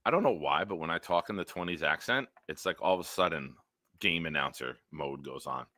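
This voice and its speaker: A man's voice: rumbling low, expressive, fairly quick, bright, forceful tone, dry recording. A man hosting a casual football live stream, blunt and opinionated, with some profanity. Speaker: host.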